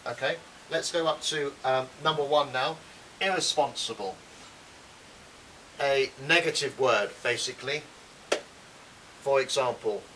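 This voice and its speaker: Quiet guy teaching english words, mid pitch, faint hiss. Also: measured pace, pauses often, recorded from a distance, low-quality recording. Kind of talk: explaining vocabulary.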